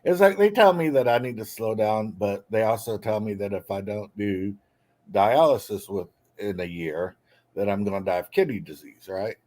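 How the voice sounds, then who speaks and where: A man in casual chat, defiant and quick to swear. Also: fairly low pitch, darkish tone.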